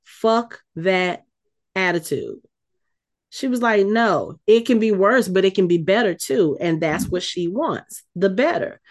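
Woman, casual chat, animated storytelling, acts out the quotes. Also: mid-range voice, a little slow. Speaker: podcast co-host recapping a TV episode.

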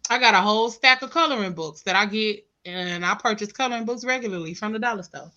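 Bright, blunt woman host. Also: mid-range voice, fast talker, highs cut off. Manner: blunt, profane, laughing. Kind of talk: casual chat.

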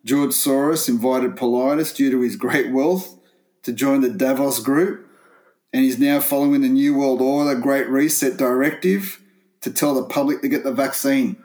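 A man's voice: medium pitch, fairly even intonation, moderate pace, a little mellow. A man with an Australian accent, co-hosting a casual sports chat, rambling, swearing a lot and laughing often. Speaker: podcast co-host.

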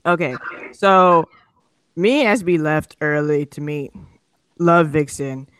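Podcast host ranting and cussing, fed up, sarcastic, smooth clear voice, dead dry sound. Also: mid-range voice, slow, fairly bright tone, dry recording. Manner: exasperated and profane; sarcastic, mocks people's excuses. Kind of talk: comedic rant.

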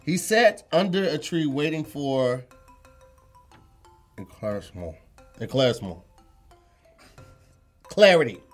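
Animated joking man, word-game contestant, casual banter, soft music under. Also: a little high. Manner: joking, animated, sounds words out slowly. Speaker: game show contestant and host.

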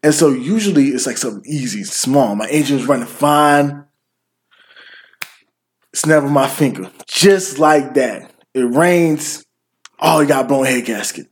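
A man telling stories in casual podcast chat, animated and swearing often. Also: mid-range voice, unhurried. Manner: profane, animated storytelling. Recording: roomy echo.

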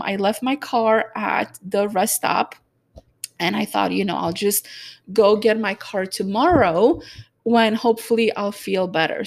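A woman telling a personal story in a halting, reflective way, with many fillers and a gently emotional, earnest tone. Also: medium pitch.

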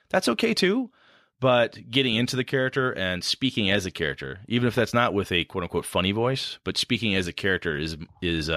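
A man's voice: lowish voice, fairly bright tone, dry recording, studio quality. A man talking casually on a podcast about running tabletop games, rambling and self-deprecating.

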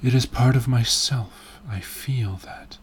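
A man's voice: mid-range voice, slow pace, a little hiss or hum, natural voice. A vain, brooding young man, as a man reading aloud puts him on, speaking with intense and declamatory passion. The voice stays close to the reader's own, delivered in an impassioned storybook manner.

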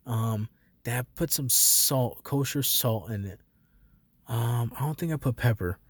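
A young man talking casually at a middle pitch, rambling and swearing freely as he gets excited and laughs along the way. The sound is close and dry, with no room around it. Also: a little slow, slightly rough, no room sound. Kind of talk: casual chat.

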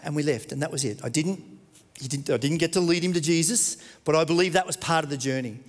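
An Australian man preaching, telling a story in an earnest, chatty way. His voice sits a little high for a man. It rings out with the long reverb of a big hall. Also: fast. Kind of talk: storytelling sermon.

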